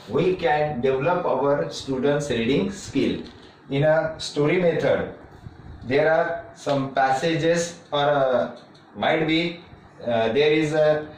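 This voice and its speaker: Guy lecturing a class, slow and repetitive, lots of uhs, echoey room, a bit far from the mic. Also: on the high side, a little hiss or hum. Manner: slow and repetitive, with frequent fillers and restarts. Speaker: teacher educator.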